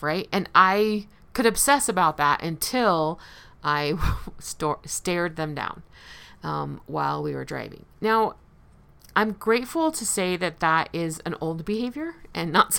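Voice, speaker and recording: A woman's voice: on the low side, animated, measured pace, gravelly, fairly bright tone. A woman hosting a personal recovery talk, speaking candidly and conversationally, often laughing lightly at herself.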